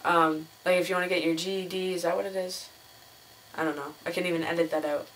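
A woman's voice: little pitch movement, fast, fairly bright tone, slight background noise. A young woman vlogging casually to her camera, chatty and laughing often as she tells stories. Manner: chatty, laughs often, mimics others in a higher voice. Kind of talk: casual chat.

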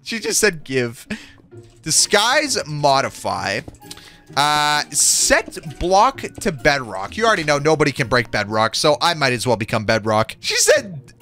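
A young man giving excited, giggly commentary over his gameplay, exclaiming often. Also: on the high side, a little slow, faint music behind. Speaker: gaming video creator.

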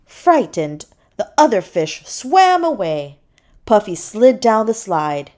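A woman reading a children's picture book aloud as host, in an expressive storytelling manner. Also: medium pitch, slow pace. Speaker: storybook reader. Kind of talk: children's read-aloud narration.

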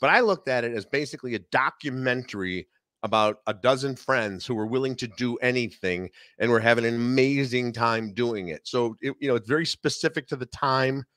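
A man's voice: medium pitch, brisk, no echo. Chicago-accented middle-aged man, dry close sound. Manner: chatty, animated storytelling with many asides. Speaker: guest film critic. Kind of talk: casual podcast conversation.

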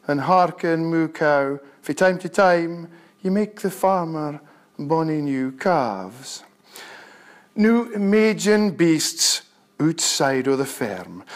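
A man with a North-East Scots accent reciting his poetry in a measured, deliberate way. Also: a little high, animated. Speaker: poet.

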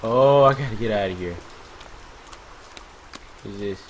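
A young man giving profane gameplay commentary, muttering to himself and then yelling taunts and curses at attackers. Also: lowish voice, measured pace, a little hiss or hum. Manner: swearing, yelling taunts at enemies, swinging between mutters and shouts. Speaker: let's play gamer.

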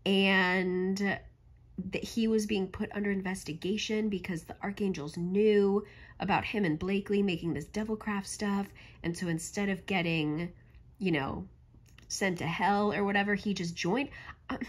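A young woman giving a casual, sarcastic book recap with a slightly hoarse voice, chatting and swearing as she goes. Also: mid-range voice, steady tone, a little slow. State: voice going hoarse. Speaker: book reviewer.

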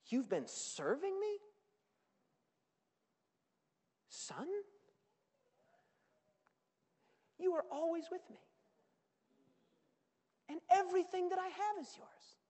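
A tender, loving father who speaks softly and gently, as a preacher plays him. His voice is quiet and his phrases stretch out as he pleads. A long reverb fills the hall behind him. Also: extremely high pitch, voice pushed up, full character voice. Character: tender, astonished loving father, older man.

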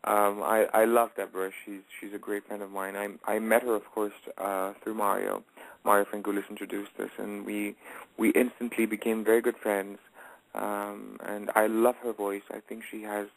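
Gravelly low-voiced man, hesitant. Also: little pitch movement, moderate pace, poor audio. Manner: hesitant, many fillers and restarts. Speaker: guest singer. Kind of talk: casual radio interview.

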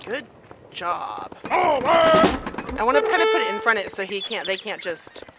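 A woman hosting a let's play, chatting excitedly and yelling at the game as she plays. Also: fairly high pitch, unhurried, very noisy. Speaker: gaming channel host. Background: game music and gunfire.

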